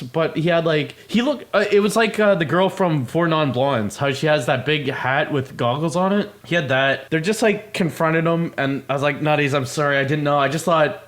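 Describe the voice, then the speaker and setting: Guy from canada rambling thru a convention story on stream, swears a lot, kinda high voice. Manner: rambling, profane, animated.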